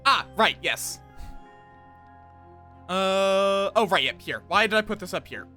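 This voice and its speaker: A man's voice: sits high, animated, takes it slowly, bright, forceful tone, soft background music. A tired man streaming a game, muttering to himself and thinking aloud as he plays. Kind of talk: casual gameplay commentary.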